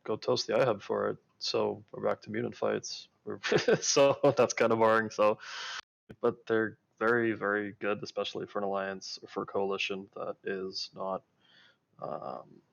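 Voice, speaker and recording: A gravelly, low-voiced man speaking over a dull, lo-fi line. He talks in a relaxed way during a casual panel chat. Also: moderate pace. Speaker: panel guest.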